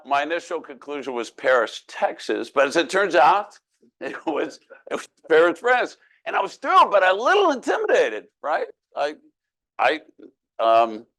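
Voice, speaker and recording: A man in his sixties giving a humorous keynote speech, telling self-deprecating stories with folksy jokes. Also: on the high side. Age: 60s. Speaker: keynote speaker.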